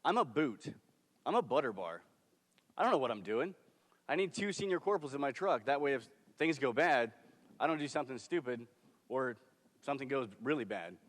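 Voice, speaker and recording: A man's voice: medium pitch, lively intonation, brisk, close to an everyday voice. A man voicing a young, unsure army lieutenant who speaks bluntly about himself, on a stage. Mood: candid. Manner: blunt, self-deprecating. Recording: long hall reverb from a stage.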